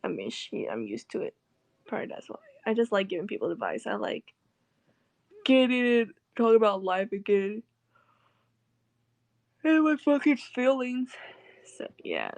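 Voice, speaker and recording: Young woman venting on her vlog, kinda high voice, swears a lot, dry close sound. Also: very animated, moderate pace, creaky, pauses often, darkish tone, dry recording. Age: young adult. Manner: swearing, rambling, with sarcastic asides. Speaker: vlogger. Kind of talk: casual chat.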